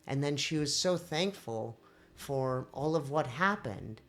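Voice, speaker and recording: A woman on a podcast telling a personal story in a casual, animated way, acting out the voices of the people in it. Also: very deep voice, slow pace, faint music behind. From India. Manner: animated, acts out quoted voices. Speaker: podcast host.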